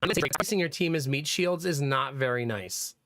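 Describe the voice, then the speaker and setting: A man's voice: a little high, quick pace, background noise. A man streaming a visual novel, chatting casually with his viewers and joking often. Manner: joking, chatty, frequent laughter. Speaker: streamer, father. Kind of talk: casual gameplay commentary.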